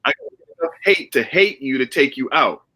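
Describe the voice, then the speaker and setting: A man's voice: medium pitch, animated, measured pace, sharp tone, dry recording, low-quality recording. A man on a discussion panel who speaks emphatically and preachily, calling the others bro.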